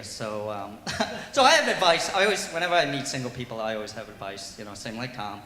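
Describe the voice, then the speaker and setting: A man doing a stand-up comedy set in a brewery, animated and slipping into loud yelling voices for his bits. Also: mid-range voice, brisk, slight background noise. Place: brewery comedy stage, roomy hall. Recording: echoey hall recording.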